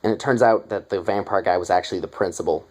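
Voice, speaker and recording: A man's voice: low voice, quick pace, darkish tone, poor audio. A young man casually retelling a movie's plot in a review, rambling with lots of fillers and offhand asides.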